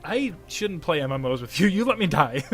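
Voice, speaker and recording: A young man co-hosting a casual gaming podcast, telling stories in an animated way, acting out what people said and laughing often. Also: sits high, moderate pace, soft background music. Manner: animated storyteller, acts out quotes with a raised voice, laughs often. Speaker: podcast co-host.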